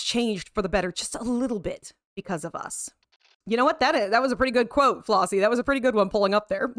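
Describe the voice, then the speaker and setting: A woman's voice: on the high side, expressive, fast talker, fairly bright tone, dry recording, studio quality. An American woman streaming a game live, reading its text aloud with dramatic emphasis and chatting casually with her viewers, with the odd swear word thrown in. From United States.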